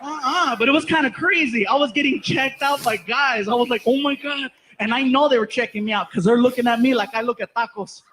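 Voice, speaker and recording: High-voiced man telling a stand-up story. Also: fast, hardly any pauses, noisy background. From Los Angeles, USA. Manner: animated, laughs through his own punchlines. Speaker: stand-up comedian. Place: comedy stage before a live audience.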